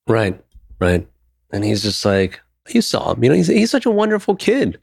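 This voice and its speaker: A man's voice: medium pitch, huge pitch swings, moderate pace, vocal fry, no room sound, studio quality. A man in his thirties, co-hosting a podcast, talking openly and emotionally in casual chat and swearing now and then. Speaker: podcast co-host.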